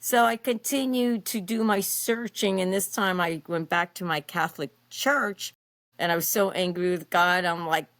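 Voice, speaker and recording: A woman in her fifties, a podcast guest, telling her personal story in an expressive, animated way with frequent fillers. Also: lowish voice, moderate pace, no echo.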